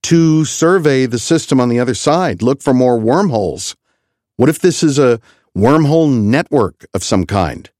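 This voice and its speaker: A brash, playful friend who always argues for the bold plan, as a male audiobook narrator puts him on. The voice sits noticeably higher than the reader's own and rolls along with easy confidence. The sound is dry and close. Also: lively intonation, moderate pace, darkish tone, dry recording, natural voice. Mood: insistent. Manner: breezy and insistent.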